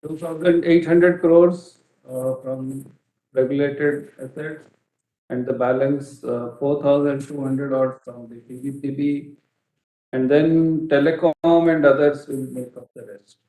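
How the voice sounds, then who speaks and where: A company executive on an earnings call, answering analysts' questions in a measured way, with many filler pauses and self-corrections. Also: male voice, mid-range voice, fairly even intonation, dark tone, roomy sound, low-quality recording.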